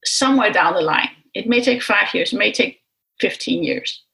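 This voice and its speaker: Woman podcast guest, mom, thinks out loud, halting and reflective. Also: medium pitch, animated, creaky, low-quality recording. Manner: reflective, halting, with many restarts. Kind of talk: conversational interview.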